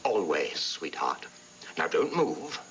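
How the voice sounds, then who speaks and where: An actor playing a wealthy lord who gently reassures his daughter in a soap opera, slow and calming. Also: low-pitched, a little hiss or hum, heavily acted. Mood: soothing. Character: aristocratic father, protective and soothing. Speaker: wealthy English lord and doting father. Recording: distant mic with music under it.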